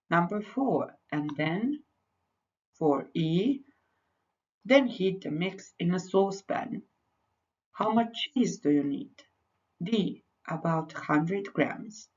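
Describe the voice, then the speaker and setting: A woman's voice: fairly low pitch, expressive, slow, pauses often, a little mellow. A woman English teacher, patiently giving lesson instructions and repeating them in both languages. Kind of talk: recorded English lesson with Croatian explanations. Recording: dull lo-fi recording.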